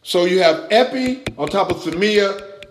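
A man preaching with a fairly high voice that rises to emphatic peaks and drops to low asides. The room around him is roomy and echoing. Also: measured pace, slight background noise. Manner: animated preaching, swings from loud to quiet. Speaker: pastor teaching a Bible class. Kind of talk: sermon.

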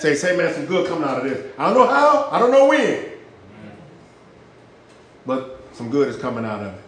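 Fired up preacher guy, slangy, kinda high voice, loud then quiet, echoey church sound. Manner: impassioned, swings from loud shouts to low hushed lines; uses street slang for emphasis. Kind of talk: sermon.

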